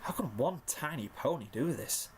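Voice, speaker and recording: A man's voice: fairly high pitch, animated, normal speed, darkish tone, slight background noise. A man narrating a second-person fanfiction story in a mock-dramatic way. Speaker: fanfiction reader.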